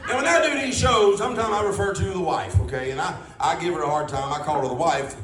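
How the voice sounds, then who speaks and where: A man's voice: on the high side, fast talker, a crowd in the background. A man doing a stand-up comedy set, telling rambling folksy stories with punchlines. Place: comedy club stage before a live audience. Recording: roomy club, distant mic, audience laughter.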